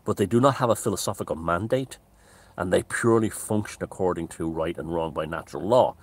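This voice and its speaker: A man with a deep, low-pitched voice talks straight to his audience in a loose, unscripted monologue. He is opinionated and discursive, circling back to restate his points. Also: a little fast. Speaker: author and commentator hosting his own channel.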